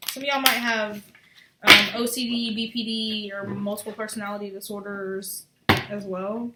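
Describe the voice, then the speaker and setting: A woman's voice: medium pitch, steady tone, normal speed. A woman giving a casual, chatty tarot reading, talking bluntly and swearing freely. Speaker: tarot reader. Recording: echoey room with faint noise.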